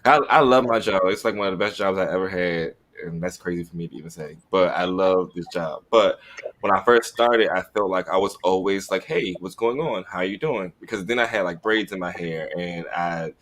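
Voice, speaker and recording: A man talking casually on a podcast, chatty and animated, acting out quoted voices. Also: deep voice, a little fast.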